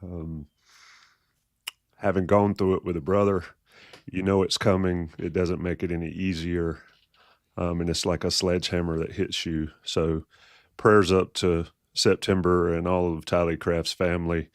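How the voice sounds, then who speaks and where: Low-voiced man hosting a somber sports show. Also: flat delivery, measured pace, dry recording, studio quality. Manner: somber, hesitant with many fillers. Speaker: podcast host.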